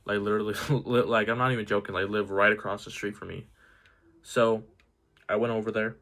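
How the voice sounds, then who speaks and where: Bright-voiced young guy telling a story. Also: fairly low pitch, level tone, a little fast. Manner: rambling, filler-heavy, says "like" and "dude" a lot. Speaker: vlogger. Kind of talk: casual storytelling.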